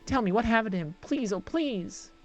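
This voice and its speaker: A streamer voicing an excitable little female kobold servant who speaks in the third person, squeaky and sing-song, repeating herself. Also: normal speed, close to an everyday voice. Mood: eager. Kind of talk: live-streamed game voice acting.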